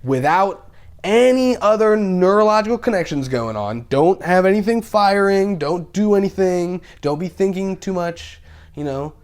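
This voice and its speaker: A young man talking as a podcast guest in casual chat, excitable and animated, swearing freely and laughing often. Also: high-pitched, normal speed, clean tone.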